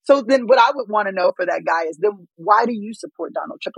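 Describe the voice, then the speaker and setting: A woman's voice: mid-range voice, lively intonation, fairly quick, few pauses, breathy edge, no echo, poor audio. A woman guest giving emphatic political commentary, firing off rhetorical questions. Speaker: guest, political organization CEO.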